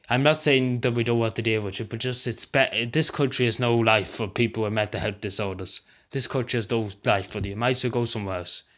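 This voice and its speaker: A man's voice: medium pitch, a bit bright. An Irish man ranting to camera as a vlogger, agitated and upset, close to tears, swearing and repeating himself. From Ireland. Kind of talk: angry rant to camera.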